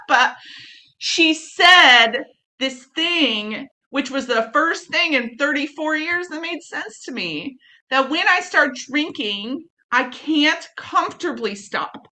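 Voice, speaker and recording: A woman's voice: high voice, animated, unhurried, pushed and bright. A middle-aged woman telling her recovery story in a blunt, profane, self-mocking way, acting out the people she quotes. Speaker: speaker sharing recovery story. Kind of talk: candid personal story talk.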